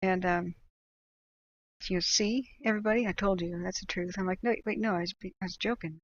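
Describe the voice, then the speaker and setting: An American woman hosts a livestream tracking wildfires, speaking fairly quickly in a mid-range voice. She's animated and chatty, ranting with laughs and fillers, and the audio has cut-off highs and slight background noise.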